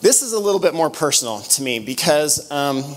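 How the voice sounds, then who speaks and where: A middle-aged man, giving an animated motivational conference talk full of stories and quick restarts. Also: fairly high pitch. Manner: storytelling, animated, with frequent restarts. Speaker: conference speaker. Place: conference room.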